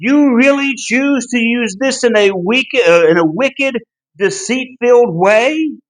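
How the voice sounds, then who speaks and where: A man leads a Bible study lesson in an unhurried, deliberate way. His voice sits high for a man. He is earnest and emphatic, almost pleading when he drives a point home. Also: poor audio. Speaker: Bible class teacher.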